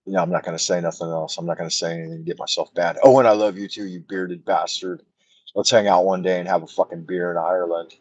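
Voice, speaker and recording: A man's voice: low voice, darkish tone, dry recording, muffled recording. A man from the United States, hosting a rambling, emotional, profane livestream chat from his camera at home. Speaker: livestream host. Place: home in China. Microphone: camera mic on a mount.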